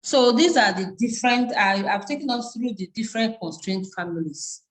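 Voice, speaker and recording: A woman with a Nigerian English accent giving a live online university lecture, reading out terms haltingly with frequent restarts and fillers. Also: fairly high pitch, expressive, poor audio.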